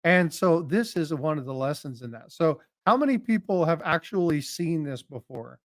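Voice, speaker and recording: Man with a drawl, friendly streamer chatting with his viewers, slightly high voice, dry sound. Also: expressive, normal speed, no room sound. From North Carolina. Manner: folksy, greets viewers by name, jokey. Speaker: livestream host. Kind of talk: casual livestream chat.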